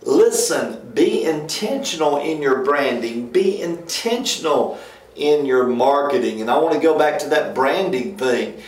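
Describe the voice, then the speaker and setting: A man's voice: animated, unhurried. A man, a pastor co-hosting a church ministry talk show, speaking in an emphatic, folksy way. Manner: emphatic, folksy, rises high when mocking others. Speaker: pastor and co-host. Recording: roomy echo.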